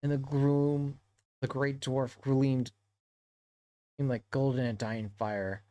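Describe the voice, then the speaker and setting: A man's voice: medium pitch, level tone, dark tone, no echo. Man reading a novel aloud, dry sound. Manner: halting read-aloud with frequent self-corrections. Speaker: streamer reading to a book club.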